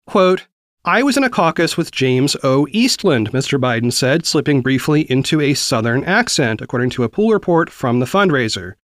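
A man's voice: fairly high pitch, a bit bright, no echo. Guy in his 40s from the south doing a news show, reads quotes then talks it thru, voice jumps around a lot, dry close sound. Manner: conversational, reads quotes then explains them. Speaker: podcast news host. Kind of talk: reading and commenting on news.

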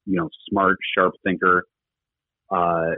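A middle-aged former rugby coach, appearing as a podcast guest, talks earnestly in a rambling, casual interview full of fillers. His low voice stays fairly flat and unhurried, and the phone-line audio sounds tinny and dry with no echo.

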